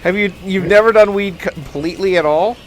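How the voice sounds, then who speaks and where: A man's voice: high voice, a little fast, slight background noise. A man streaming a video game who teases his friends and laughs often in casual banter. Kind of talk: casual banter while gaming.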